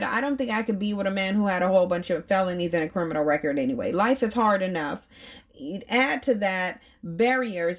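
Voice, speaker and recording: A woman in her thirties reviewing a reality TV show, talking bluntly and emphatically and asking her viewers rhetorical questions. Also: medium pitch. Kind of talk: opinionated commentary.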